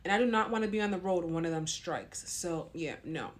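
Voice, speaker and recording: A woman's voice: fairly low pitch, animated, brisk. A pregnant young woman talking to camera in a casual vlog, frank and long-winded. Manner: blunt and frank. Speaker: vlogger.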